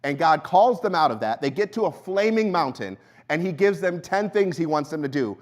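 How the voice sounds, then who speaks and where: A young adult man, a pastor, preaching a sermon in a church in a conversational storytelling way, dropping his voice low and quiet when he tells a personal story. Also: expressive, moderate pace. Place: church sanctuary.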